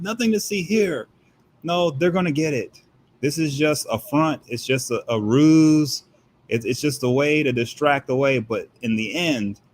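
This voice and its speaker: A man's voice: fairly high pitch, a little hiss or hum. A man talking as a guest commentator in heated political commentary, emphatic and firing off rhetorical questions.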